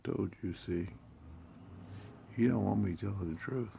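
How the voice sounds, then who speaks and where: A man with a heavily gravelly, low and dark voice, ranting in a profane, confrontational monologue. He drops into hushed, almost whispered muttering, then bursts out loudly. Faint noise hums underneath. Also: a little slow, lo-fi sound. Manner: confrontational, swings between hushed muttering and loud outbursts; streetwise slang, heavy swearing.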